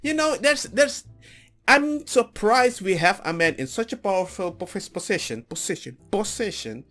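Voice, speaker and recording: A man giving a rambling, animated political rant with mocking asides. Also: high voice, measured pace, soft background music. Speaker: political commentator. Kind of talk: ranting commentary.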